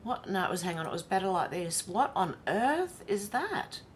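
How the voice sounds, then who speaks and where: A woman's voice: mid-range voice, very animated, moderate pace, slight background noise. Chatty Australian woman livestreaming. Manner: chatty, reads comments aloud and reacts with laughs. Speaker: livestream host. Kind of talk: casual livestream commentary.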